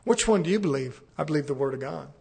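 A man with a notably high voice preaches to a congregation. He rises into loud, drawn-out scripture reading, then drops into quiet, conversational asides to the room. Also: lively intonation, gravelly. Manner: drawls out repeated words for emphasis. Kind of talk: sermon.

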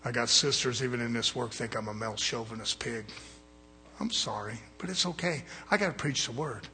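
A middle-aged male preacher delivers a fiery sermon in a medium-pitched, brisk, bright and forceful voice, with faint music behind him. His style is blunt and folksy, and he uses call-and-response, calling for amens from the congregation.

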